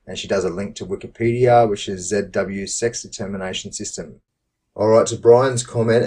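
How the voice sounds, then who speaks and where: A man's voice: lowish voice, a little mellow, recorded from a distance. A man hosting commentary, reading out online comments and remarking on them in a wry, matter-of-fact way. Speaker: commentary host.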